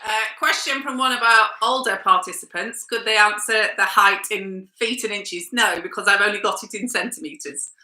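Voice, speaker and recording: A woman hosting a family quiz, reading out questions, answers and scores at a brisk pace. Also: mid-range voice, bright, forceful tone. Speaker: quiz host. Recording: echoey room.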